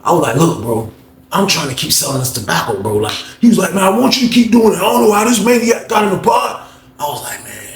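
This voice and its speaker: A man's voice: a little high, vocal fry, echoey room. A man telling a story in casual street slang, acting out the voices of the people in it. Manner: animated, acts out quoted voices, slangy street talk.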